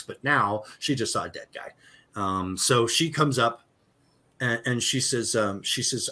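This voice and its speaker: A man's voice: medium pitch, normal speed, fairly bright tone. A man narrating a tabletop game as game master in a casual way, with plenty of fillers.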